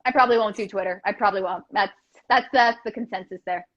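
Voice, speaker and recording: A woman's voice: mid-range voice, fast talker, muffled recording. A woman co-hosting a podcast in casual chat, rambling and thinking aloud over a video call. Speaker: podcast co-host.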